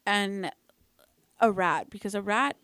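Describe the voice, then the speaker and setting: A woman's voice: medium pitch, slow pace, fairly bright tone, clean tone, dry recording. A woman on a casual podcast, teasing the others and laughing easily. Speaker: podcast guest co-host. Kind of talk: casual chat.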